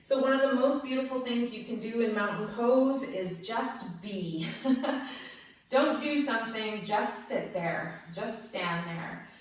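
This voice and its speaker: A woman teaching a guided yoga class, cueing breaths and poses gently and cheerfully, often laughing. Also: a little high, a little slow. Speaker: yoga instructor. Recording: very echoey room, mic far off.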